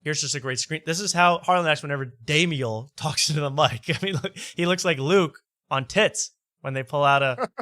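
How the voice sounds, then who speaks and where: A man with a bright, forward voice talks through a podcast clip in loose, wry commentary, laughing at it as he goes. The sound is close and dry. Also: fairly high pitch, moderate pace, dry recording. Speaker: host reacting to podcast clips. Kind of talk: casual commentary.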